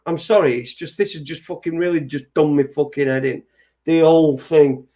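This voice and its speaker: A man hosting an internet radio show delivers an agitated, sweary, rambling rant full of restarts. His voice is on the high side and dark in tone, at a normal speed.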